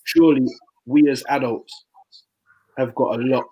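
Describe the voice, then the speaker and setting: A man speaking in a measured, encouraging, reflective way while leading a casual discussion. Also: mid-range voice, steady tone, dark tone, slightly rough, low-quality recording.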